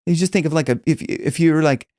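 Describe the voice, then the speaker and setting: A man's voice: a little high, brisk, darkish tone, no room sound. Chatty male vocal coach, dry sound. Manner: rambling with many restarts and demonstrations. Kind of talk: casual teaching monologue.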